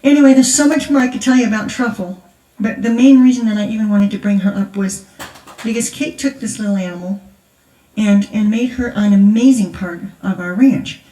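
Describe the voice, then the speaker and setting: Talking a little fast in a mellow, mid-range voice, an older woman gives a testimony full of stories, chatter, and laughter. She's a grandmother at a conference, heard distantly through the echo of a large church hall.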